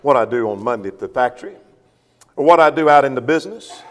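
A man's voice: mid-range voice, lively intonation, fast talker. Man preaching in a reverberant hall. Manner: emphatic, repeats refrains, asks the congregation questions. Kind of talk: sermon.

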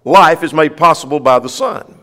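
A man's voice: on the high side, normal speed, vocal fry, sharp tone. A man preaching a sermon, emphatic, asking rhetorical questions and reading scripture aloud. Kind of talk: sermon, Bible study. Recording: long hall reverb.

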